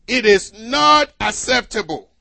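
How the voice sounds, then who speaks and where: A man preaching a sermon to a congregation, asking them to fill in the words and swinging between loud exhortation and quiet asides. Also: extremely high pitch, animated, unhurried, creaky, dry recording. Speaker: pastor.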